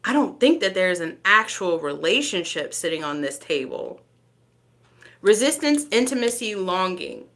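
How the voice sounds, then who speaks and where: Chatty woman tarot reader, lowish voice. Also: big pitch swings, a little slow, fairly bright tone. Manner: chatty, laughs often, teasing asides. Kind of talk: live tarot reading.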